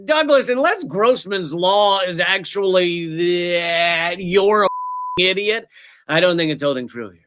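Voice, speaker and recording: A man's voice: sits high, animated, a little slow, fairly bright tone, a little hiss or hum. A man hosting a satirical political comedy show, delivering mocking, sarcastic commentary with exaggerated asides.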